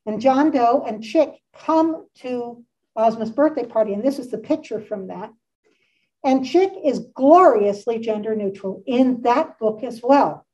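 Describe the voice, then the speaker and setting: An art history lecturer in her sixties gives a casual illustrated lecture in a community center meeting room. She's chatty and enthusiastic, full of asides, with a warm, somewhat high voice at a measured pace. The recording is distant and dull, as if captured from across the room.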